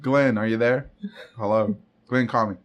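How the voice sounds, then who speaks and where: A man's voice: mid-range voice, fairly even intonation, normal speed, lo-fi sound. A man hosting a casual podcast chat, joking loosely and laughing often. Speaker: podcast host.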